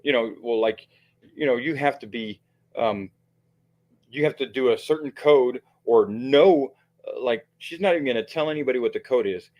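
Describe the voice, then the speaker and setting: A man's voice: mid-range voice, darkish tone. A man giving heated, profane livestream commentary, rambling with frequent restarts and fillers.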